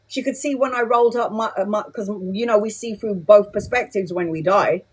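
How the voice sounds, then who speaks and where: A woman's voice: mid-range voice, a little fast, slightly rough. A woman giving a live tarot reading who talks bluntly and chattily and swears casually. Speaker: tarot reader.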